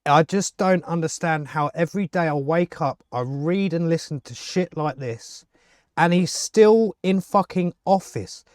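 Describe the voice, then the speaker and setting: A man's voice: on the high side, a little slow, a little mellow, no echo, clean studio sound. Furious swearing man ranting. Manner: swearing, heated, exasperated. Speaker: vlogger. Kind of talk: angry political rant to camera.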